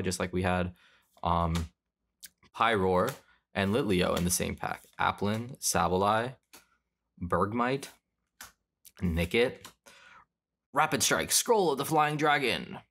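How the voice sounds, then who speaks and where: Young man, deep low voice, offhand rambling, card-opening commentary. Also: fairly bright tone. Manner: rambling, offhand, self-correcting. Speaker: card collector opening packs. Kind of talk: casual pack-opening commentary.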